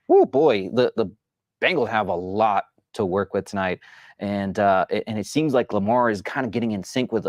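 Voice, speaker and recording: Guy hosting a sports show, rambling, keeps restarting, mid pitch, dry sound. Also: no room sound. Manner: rambling, many restarts and fillers. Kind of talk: casual sports commentary.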